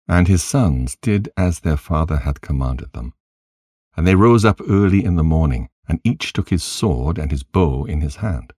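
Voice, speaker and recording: A man narrating scripture in a solemn, measured reading with archaic wording. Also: rumbling low, expressive, dark tone, breathy edge, dry recording, studio quality.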